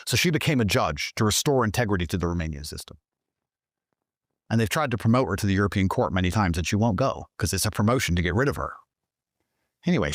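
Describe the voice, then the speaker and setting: Guesting on an interview, a man tells a story while swearing nonstop, full of animated, emphatic energy, and his voice climbs higher whenever he gets excited. It's profane conversational storytelling, captured in a dry, studio-quality recording.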